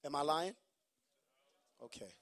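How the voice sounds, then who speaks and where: A preacher with a Haitian accent sets a high-pitched male voice against a congregation. He tells his stories in a relaxed, conversational way, then breaks into shouted emphasis. He delivers it as a sermon. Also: measured pace. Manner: switches between calm storytelling and shouted emphasis.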